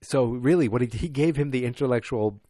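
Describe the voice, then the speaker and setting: A man's voice: medium pitch, a little fast, mellow, no room sound, studio quality, soft background music. A man hosting a podcast, casually recapping an episode in a tired, rambling way, full of fillers and restarts. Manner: acts out quoted lines in a raised voice. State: tired, yawning. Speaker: podcast host.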